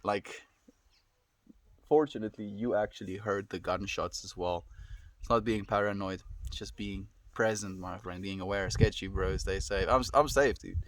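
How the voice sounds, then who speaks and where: A young man chatting calmly on his live stream, reassuring viewers and often calling them "my friend". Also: fairly low pitch, normal speed, no echo. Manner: calm, reassuring, says "my friend" a lot. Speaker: livestreamer. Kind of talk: casual live stream chat reading viewer comments. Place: at home.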